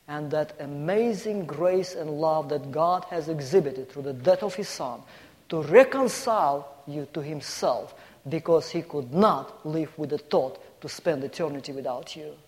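Slightly high and darkish in tone, a visiting preacher's voice rings through long hall reverb. He preaches emphatically to the congregation, stacking up points and telling a story.

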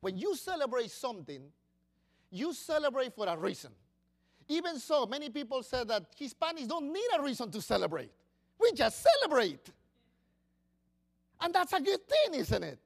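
A male preacher delivers a lively sermon. His pitch rises and falls widely, moving between loud, emphatic bursts and quiet, confiding asides. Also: normal speed, vocal fry, pauses often. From Latin America.

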